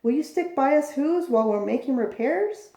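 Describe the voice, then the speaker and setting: A tiny mayor speaks with polite gratitude and a gentle plea, read by a woman. His voice is mellow and slightly gravelly, heard in an echoey room in this storybook telling. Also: high-pitched, expressive, normal speed. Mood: grateful. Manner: polite and grateful, pleading. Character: tiny, grateful male mayor.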